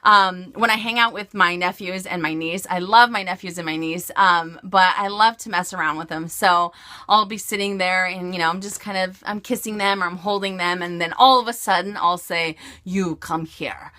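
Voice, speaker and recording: A woman's voice: lowish voice, moderate pace, pushed and bright. A woman from California answering viewer questions in a casual vlog, bubbly and chatty with frequent giggles. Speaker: beauty and fashion vlogger.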